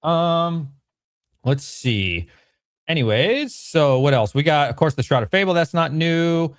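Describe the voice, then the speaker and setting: A man's voice: fairly high pitch, animated, unhurried, clean tone, dry recording, studio quality. A man casually running through card products on a live stream, chatty and rambling, correcting himself as he goes. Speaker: Pokemon card seller streaming.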